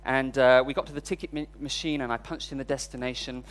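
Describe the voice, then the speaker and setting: A man's voice: medium pitch, fairly even intonation, fast talker. A man preaching a sermon, telling a personal story in a candid, self-deprecating way. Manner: storytelling, voice rising when recounting frustration.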